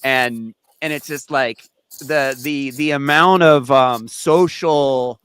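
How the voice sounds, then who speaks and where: Bright, rambling man hosting a podcast. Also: medium pitch, takes it slowly, smooth. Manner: rambling, animated storytelling with restarts and swearing. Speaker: podcast host. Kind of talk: casual podcast chat.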